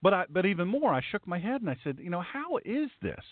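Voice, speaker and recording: A man's voice: sits high, rapid-fire, no room sound. Male pastor-commentator, emphatic and indignant, dry close sound with no room. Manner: emphatic and indignant, animated asides. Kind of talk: opinion commentary reading legal text aloud. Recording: tinny phone-like dry sound.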